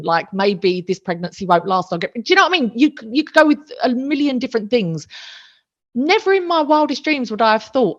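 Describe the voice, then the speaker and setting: A woman, a podcast guest, telling a personal story in an emotional, animated way and swearing freely. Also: a little high, a little fast. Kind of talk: casual storytelling interview. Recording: dull lo-fi recording.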